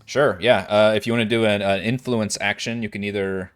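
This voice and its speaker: A man's voice: on the low side, fairly even intonation, fairly quick, smooth. A man running a tabletop game as dungeon master, thinking aloud with lots of fillers. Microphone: headset or desk mic on a voice call.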